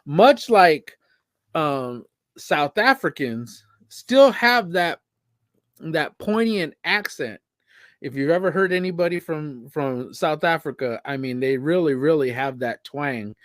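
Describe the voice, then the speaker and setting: A laid-back man co-hosting a wrestling podcast, his voice sitting fairly high. The sound is dry and close, and he keeps filling his talk with "you know what I'm saying.". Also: animated, slow, dry recording. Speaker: podcast co-host. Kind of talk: casual wrestling podcast chat.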